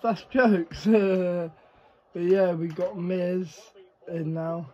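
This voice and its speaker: A man giving casual, excitable reaction commentary to the screen, swearing freely. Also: fairly high pitch, drawn-out words, dull audio. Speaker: reaction video creator.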